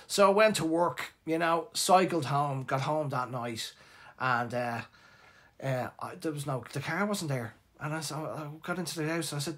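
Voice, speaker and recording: A middle-aged Irish man from Dublin hosting a live show. He tells a personal story in a casual, animated and emotional way, with lots of restarts. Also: on the high side, moderate pace. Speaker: host.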